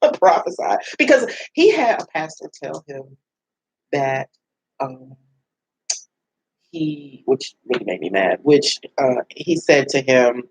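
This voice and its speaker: A middle-aged woman as a radio show guest, talking in a rambling, animated way with many restarts and laughs. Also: deep voice, slow, creaky, long pauses, slightly rough, rough recording. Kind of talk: casual heartfelt radio conversation.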